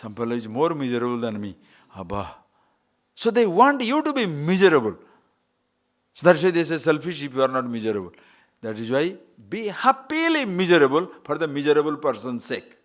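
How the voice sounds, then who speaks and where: A man's voice: on the high side, very animated, a little fast. A man giving a spiritual talk, playful and laughing often, asking rhetorical questions. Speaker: spiritual teacher.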